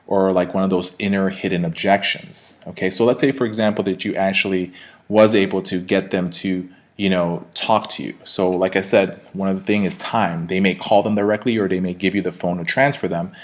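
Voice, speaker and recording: A man with a very low, deep voice coaches his viewers on sales in a relaxed, conversational teaching style. He talks things through with plenty of fillers and checks in with tag questions as he goes. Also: fairly quick. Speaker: sales trainer. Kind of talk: instructional talk to camera.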